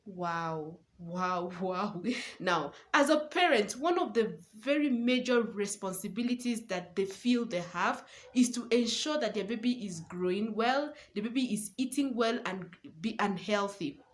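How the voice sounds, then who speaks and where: A woman's voice: mid-range voice, animated, unhurried. Earnest young woman giving parenting advice. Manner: earnest, repeats words for stress. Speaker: parenting coach. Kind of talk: casual advice talk to camera.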